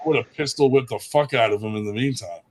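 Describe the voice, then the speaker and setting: A man with a mid-pitched voice chimes into the conversation with crude jokes. His remarks come as teasing banter. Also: quick pace, a little hiss or hum. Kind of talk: casual chat.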